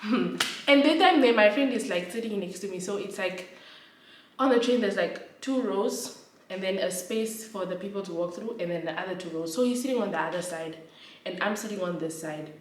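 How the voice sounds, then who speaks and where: A woman, a vlogger telling a story to camera in an animated, emphatic way. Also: mid-range voice, moderate pace. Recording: roomy echo, distant from mic.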